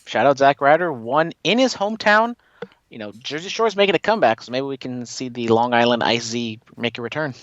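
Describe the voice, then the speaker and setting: A man's voice: mid-range voice, lively intonation, brisk, fairly bright tone, dry recording, muffled recording. A man co-hosting a casual wrestling podcast, talking in long, opinionated runs full of "you know". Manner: rambling, opinionated, many you-knows. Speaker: podcast co-host.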